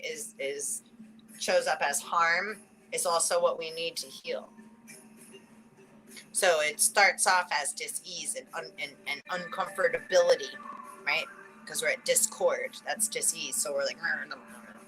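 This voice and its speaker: A chatty woman with a bright, forceful voice pitched on the low side, hosting a casual spiritual card reading. She laughs often between thoughts, swears casually and slows down to read each card message aloud. Faint music plays behind her. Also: poor audio. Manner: reads oracle card messages aloud slowly. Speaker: spiritual reader and channel host.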